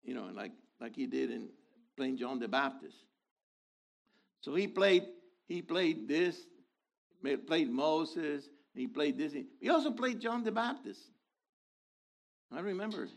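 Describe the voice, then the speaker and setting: A man in his sixties preaching a sermon, animated, dropping to low asides and rising to loud exhortation. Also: unhurried, gravelly.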